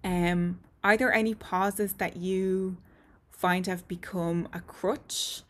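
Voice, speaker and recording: A woman teaching a lesson to camera, explaining points clearly and methodically with frequent ums. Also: on the low side, flat delivery, takes it slowly. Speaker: voice and speech teacher.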